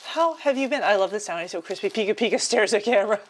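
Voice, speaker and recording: A woman live streamer chatting casually with her viewers while cooking, excitable and giggly, often laughing mid-sentence. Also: mid-range voice, racing, a little hiss or hum. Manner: chatty, addresses viewers as y'all and chat.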